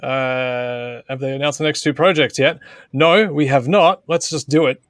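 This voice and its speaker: A man hosting a casual aftershow chat, excitable and quick to gush. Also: mid-range voice, dry recording, clean studio sound. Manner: excitable, keeps saying "oh God". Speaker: host.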